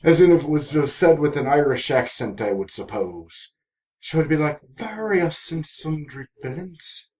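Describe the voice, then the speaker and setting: A man's voice: on the high side, lively intonation, normal speed, a little mellow. Rambling jokey male TV reviewer. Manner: rambling, jokey, self-mocking asides. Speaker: TV episode reviewer. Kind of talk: casual recap vlog.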